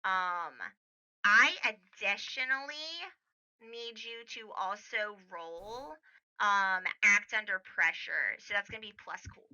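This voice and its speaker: Woman game master, slow hushed narration, smooth clear voice, slightly muffled recording. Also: medium pitch.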